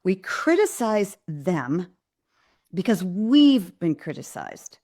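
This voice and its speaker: A woman's voice: fairly low pitch, very animated, takes it slowly, mellow. A middle-aged woman hosting a live parenting Q&A, talking earnestly and directly to parents and acting out what parents and kids say. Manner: earnest, direct, acts out parents' and kids' lines in quotes. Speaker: pediatrician and parenting host. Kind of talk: live Q&A parenting advice talk.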